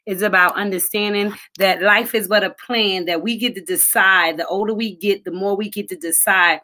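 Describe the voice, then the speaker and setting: A woman's voice: medium pitch, fairly even intonation, moderate pace, bright, forceful tone. A woman hosting a live online show, giving chatty, encouraging motivational talk straight to her viewers and calling them honey. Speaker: livestream host. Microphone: phone or webcam livestream.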